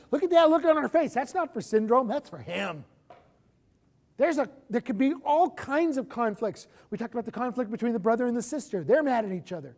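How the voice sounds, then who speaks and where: A woman instructor giving a lecture in an animated, emphatic way, with big swings in pitch and loudness. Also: brisk.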